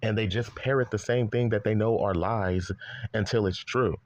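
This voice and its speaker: Male commentator, fired-up profane rant, lowish voice, dry dull-sounding mic. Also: steady tone, normal speed, no echo. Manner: heated, profane, repetitive rant. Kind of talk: ranting commentary.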